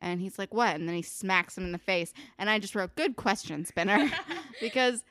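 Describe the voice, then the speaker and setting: A woman's voice: medium pitch, normal speed, a bit bright, no echo. A young woman co-hosting a casual chat, blunt and sweary, with dry asides about the characters. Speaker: podcast co-host recapping a TV episode.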